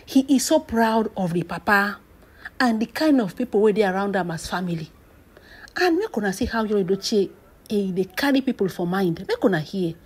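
A woman with a Nigerian Pidgin accent spins gossip like a drama, her voice husky and breathy at an everyday mid pitch. She draws out key phrases, slips into hushed whispers, then jumps up with sharp exclamations. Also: lively intonation. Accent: Nigerian Pidgin English. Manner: emphatic, drawn-out phrases, whispered asides, sudden exclamations. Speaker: celebrity gossip commentator.

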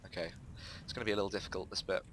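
A man's voice: low voice, steady tone, racing, fairly bright tone, a little hiss or hum. A young man casually chatting while playing a building game, talking through each step with fillers. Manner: chatty, explains his building steps with fillers. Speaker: game host. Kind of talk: casual let's-play chat.

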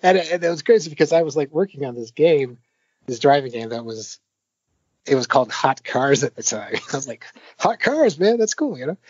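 An older man, a game designer, talking casually in an interview, rambling with lots of fillers and animated retellings. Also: mid-range voice, a little fast, no echo, dull audio. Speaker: veteran arcade game designer, guest.

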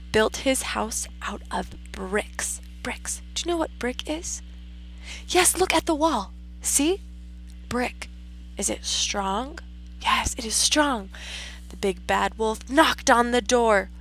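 A woman teacher reads a children's story aloud in a high, lively voice, slow and deliberate. She is expressive and stops often to ask the class questions. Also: gravelly, slight background noise, rough recording.

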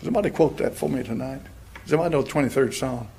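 A male pastor preaching a sermon, swinging between loud passages and hushed, near-whispered lines. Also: medium pitch, rapid-fire, creaky, a little hiss or hum.

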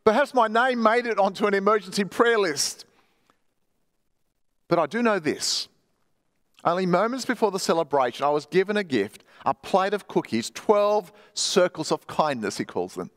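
High-voiced preaching man in reverberant church. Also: expressive, normal speed, fairly bright tone. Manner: emphatic preaching, reads quoted stories aloud. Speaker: pastor. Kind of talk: sermon. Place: church hall.

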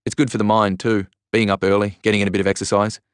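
A man's voice: fairly low pitch, little pitch movement, fast, clear, resonant tone, dry recording, clean studio sound, natural voice. A man voicing a cheeky, pushy middle-aged uncle, read in an audiobook. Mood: coaxing. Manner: teasing, persuasive.

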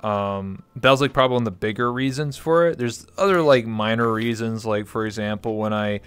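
A man's voice: on the low side, fairly quick, clear, resonant tone, no room sound. A man from Canada, a guest in a casual interview, telling a long story candidly and rambling with many fillers. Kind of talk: casual conversation.

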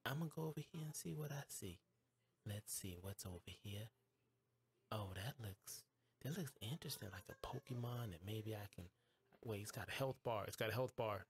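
A man hosting his own live game stream, trash-talking and reacting loudly as he plays. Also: fairly low pitch, normal speed. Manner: excitable, talks back to the game, trash-talking; bursts into shouts and squeals when surprised. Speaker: gaming streamer host. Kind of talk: live gameplay commentary.

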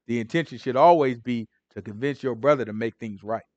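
A man's voice: mid-range voice, brisk, dry recording, muffled recording. A man teaching a Bible study in casual street slang, acting out the people in the story as he retells it. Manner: street slang, acts out characters, animated. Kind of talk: casual sermon retelling scripture.

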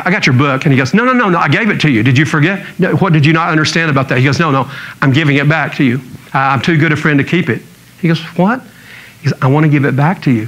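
A pastor delivers a church sermon full of jokey stories, acting out the people he quotes. His voice is a little high with a fairly bright tone, and the recording is rough.

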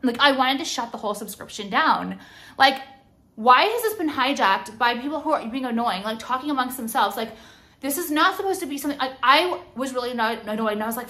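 High, bright-voiced young woman ranting. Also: lively intonation, a little fast. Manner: profane, heated ranting with frequent "like". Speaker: vlogger. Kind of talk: casual rant to camera.

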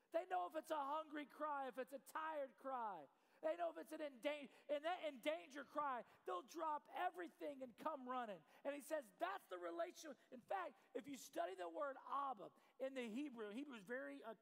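A man preaching a sermon as pastor, asking the congregation questions and building to shouts. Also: very high-pitched, creaky, long reverb tail. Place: church sanctuary.

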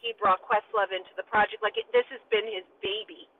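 A woman in her forties telling a story in lively casual talk, acting out the voices of the people in it, calling in from her parked car. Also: medium pitch, brisk, a little hiss or hum. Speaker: guest. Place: car, pulled over. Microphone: phone call. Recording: tinny phone line.

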